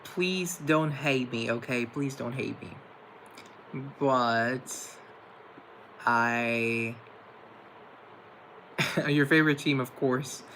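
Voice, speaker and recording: A man's voice: mid-range voice, very slow, long pauses, bright, forceful tone, slight background noise, rough recording. A young man hosting a live stream, casually chatting with viewers and answering their comments in a playful, campy way. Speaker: livestream host.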